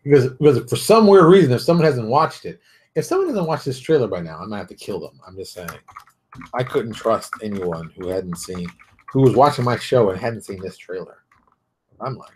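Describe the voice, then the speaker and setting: A middle-aged man hosting a show, giving blunt, animated advice in a casual monologue. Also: mid-range voice, fast. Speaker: show host.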